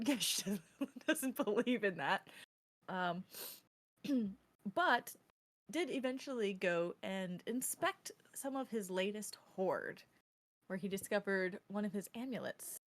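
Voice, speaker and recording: A woman narrating as game master of a tabletop game, setting scenes at a slow, deliberate pace. Her pitch sits in the middle range and her delivery stays measured.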